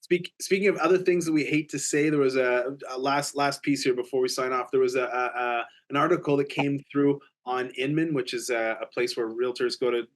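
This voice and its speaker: A man's voice: mid-range voice, steady tone, fairly quick, hardly any pauses. A man, a realtor co-hosting a podcast, telling a story animatedly and acting out both sides of the conversation. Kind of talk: casual storytelling chat.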